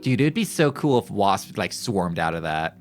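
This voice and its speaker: Animated, joking male game streamer. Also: low voice, moderate pace, faint music behind. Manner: animated, joking, talks to chat; self-mocking. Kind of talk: casual live-stream gameplay commentary.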